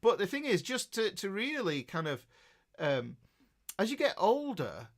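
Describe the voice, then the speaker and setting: A middle-aged guitar teacher with a Yorkshire accent chats casually, reading out live chat messages in a high-pitched voice with huge pitch swings and an unhurried pace. He rambles, full of fillers, restarts and self-interruptions.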